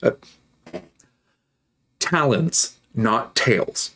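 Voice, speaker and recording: A man's voice: medium pitch, expressive, drawn-out words, fairly bright tone. A man chatting casually on a livestream while he builds models, rambling, joking and reacting to messages from chat. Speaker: streamer.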